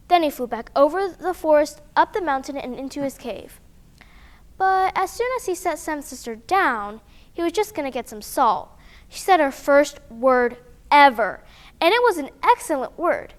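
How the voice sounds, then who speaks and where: A woman reads a children's picture book aloud in a high, bouncing voice. She is animated and expressive, throwing in playful sound effects as the story moves.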